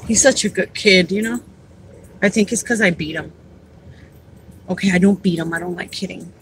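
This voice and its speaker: A woman's voice: lowish voice, moderate pace, a bit bright, a little hiss or hum, low-quality recording. A woman and caregiver advocate talking casually on a livestream, heartfelt and rambling, repeating words as she goes.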